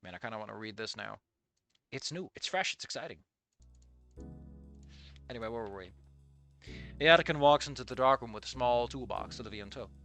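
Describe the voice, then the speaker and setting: Fanfic reader, chatty, profane asides, lively pitch swings, bright tone, faint music underneath. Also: fairly quick, long pauses. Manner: profane, rambling, jokey asides. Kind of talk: casual reading with live commentary.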